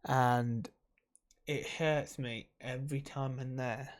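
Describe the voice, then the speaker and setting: A man's voice: medium pitch, steady tone, takes it slowly. A man talking to camera in a casual, rambling vlog, emotional and swearing freely while he drinks. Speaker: vlogger.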